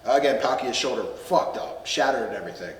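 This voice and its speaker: A man's voice: medium pitch, lively intonation, fast talker, echoey room, long reverb tail, recorded from a distance, slight background noise. A man hosting a casual podcast, recapping a film with friends, laughing often and acting out lines with some swearing. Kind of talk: casual group chat.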